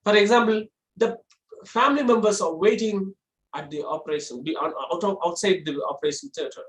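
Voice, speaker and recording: A public speaking trainer, lecturing to a class at a middle pitch. The trainer walks through each point in order, asking a rhetorical question and then answering it. The voice carries a roomy echo. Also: a little fast.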